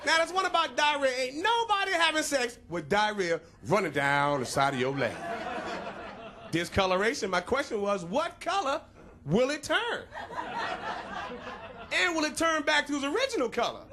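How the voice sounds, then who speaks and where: A man's voice: very high voice, very animated, normal speed. A man doing a stand-up comedy set on a club stage, playful and punchy, drawing out his punchlines. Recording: live club crowd and noise.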